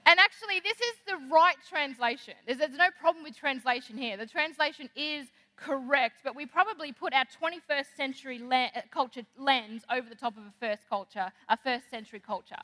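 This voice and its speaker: A woman preaches in a chatty, animated way. Her voice sits high and sounds bright and clear. A long reverb trails her words through the hall. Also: a little fast, hardly any pauses. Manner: animated, conversational, acts out quoted lines. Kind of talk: sermon.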